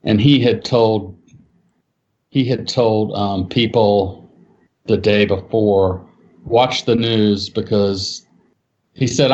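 A man's voice: slow pace, long pauses. A man telling a personal eyewitness story in casual speech, acting out what people said with his voice jumping up for the quotes. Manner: animated, acts out quotes with raised pitch. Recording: dull lo-fi sound.

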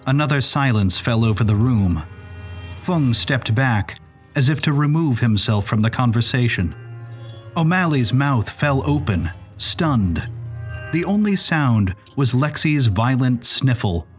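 Male audiobook narrator, measured, lively melodic delivery. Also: medium pitch, faint music behind. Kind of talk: scripted storybook narration.

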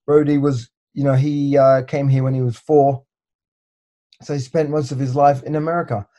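A man in his forties from England, chatting casually as an interview guest, hesitant and repeating words, then telling lively stories. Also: medium pitch, normal speed. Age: 40s.

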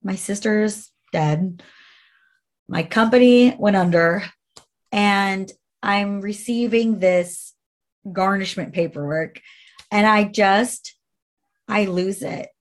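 Woman guest, candid, blunt, swearing, personal storytelling, mid-pitched voice. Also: takes it slowly, pauses often.

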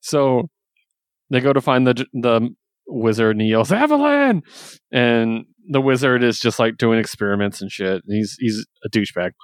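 A man casually recapping a story, chatty and laughing often, quoting characters in quick voices. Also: mid-range voice, fairly even intonation, dry recording, studio quality. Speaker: comic book reviewer. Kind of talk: casual chat.

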